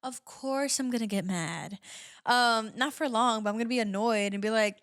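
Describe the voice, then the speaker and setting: A woman's voice: a little high, brisk, fairly bright tone, dry recording, studio quality. A young woman hosting her own podcast, giving candid relationship advice in a chatty, casual way full of "like" fillers. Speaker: podcast host. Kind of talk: casual solo podcast chat.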